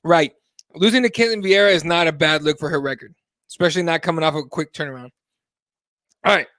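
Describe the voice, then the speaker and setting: Animated high-voiced male MMA show host. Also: fast talker, dry recording, studio quality. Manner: casual, animated, swears freely, reads chat aloud. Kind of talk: live MMA talk show commentary.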